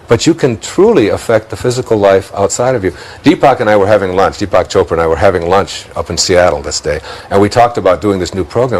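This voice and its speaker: A man's voice: fairly low pitch, darkish tone, slightly rough, poor audio. A man with a Detroit accent, speaking as a guest in a reflective spiritual interview, musing aloud, chuckling often and repeating words as he thinks.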